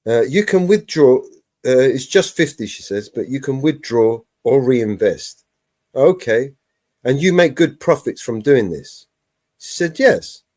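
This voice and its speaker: Sarcastic male streamer, animated swooping delivery, dry close sound. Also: mid-range voice, unhurried, dry recording. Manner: sarcastic, laughing, swearing. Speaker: live stream host. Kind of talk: casual live stream commentary.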